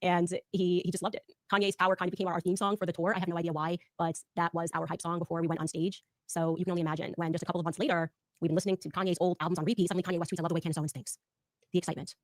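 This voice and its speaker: A woman telling personal stories in an animated way, often mimicking other people when she quotes them. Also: on the low side, racing, no echo, clean studio sound. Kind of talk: recorded personal storytelling.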